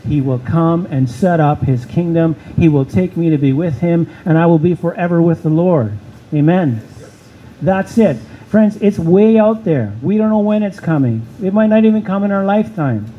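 A man's voice: on the high side, normal speed, dull audio. A man preaching a sermon as pastor, asking the listeners questions and repeating key words for emphasis.

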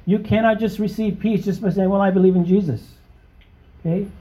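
A man preaching a sermon, emphatic and conversational, often checking in with his listeners and rising to high, excited exclamations. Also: a little fast. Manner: conversational, with frequent check-ins to the congregation. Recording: dull, muffled lo-fi recording.

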